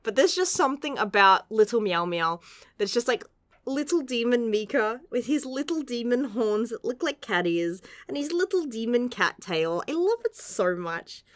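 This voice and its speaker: A woman's voice: fairly high pitch, animated, moderate pace, no echo. A young woman gushing through a casual manga chapter review, laughing often and swearing casually.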